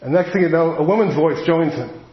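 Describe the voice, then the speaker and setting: A man preaching a sermon, telling a personal story in an earnest way and slowing down on the heavy moments. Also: on the high side. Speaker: pastor. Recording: echoey hall, dull lo-fi sound.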